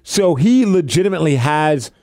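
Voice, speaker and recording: A man's voice: a little high, animated, normal speed, warm tone, no room sound. Storytelling man, dry close mic. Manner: storytelling, laughs often. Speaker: podcast co-host. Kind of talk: casual chat.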